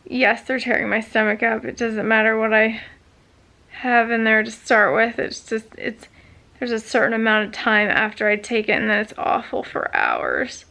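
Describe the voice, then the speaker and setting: Woman vlogger, casual rambling chat, gravelly fry, slightly high pitch. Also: sing-song, moderate pace, sharp tone. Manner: rambling storytelling with many fillers.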